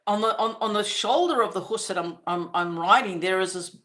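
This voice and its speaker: A woman's voice: mid-range voice, fairly bright tone. Woman podcaster telling a personal story. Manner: earnest, recalls as she speaks, halting restarts. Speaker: podcast host.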